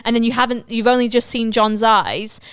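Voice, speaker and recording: A woman's voice: fairly high pitch, moderate pace, clean tone, no room sound. A woman co-hosting a podcast, improvising a comic story and acting out its characters' lines. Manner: animated, acts out characters' lines. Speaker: podcast co-host. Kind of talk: improvised comedy chat.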